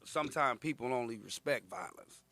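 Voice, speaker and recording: A man in his thirties, a guest comedian telling animated, profane stories in a casual interview and acting out the people in them. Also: mid-range voice, brisk. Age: 30s. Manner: animated, profane storytelling with acted-out quotes.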